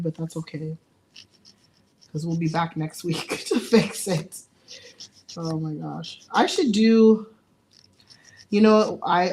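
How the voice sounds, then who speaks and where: A young woman talks viewers through a live nail tutorial in a relaxed, chatty way. Her voice sits on the low side, and she laughs easily at her own small mistakes. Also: a little hiss or hum. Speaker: nail artist giving a live demo.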